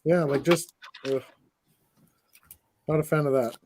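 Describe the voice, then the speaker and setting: A man's voice: on the high side, fairly even intonation, unhurried, darkish tone, a little hiss or hum. A man hosting a casual building stream, chatting easily and laughing as he tells stories. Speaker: host. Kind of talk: casual chat while building sets.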